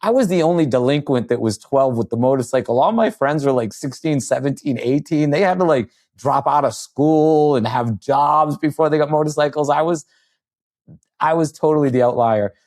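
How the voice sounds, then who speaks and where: A man in his fifties, a podcast guest, telling rambling, animated stories in casual chat and quoting people as he goes. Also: a little high, moderate pace, dry recording, clean studio sound. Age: 50s. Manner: rambling, animated anecdotes with quoted voices.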